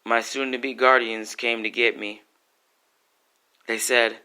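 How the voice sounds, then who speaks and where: A man's voice: medium pitch, little pitch movement, takes it slowly, pauses often, bright, forceful tone, smooth. A man performing an emotional spoken-word story, intense and pleading.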